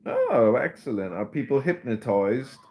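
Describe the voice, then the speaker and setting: Man hosting with a lively, swooping voice. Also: medium pitch, unhurried. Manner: teasing, mocking banter. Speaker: host. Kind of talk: casual chat.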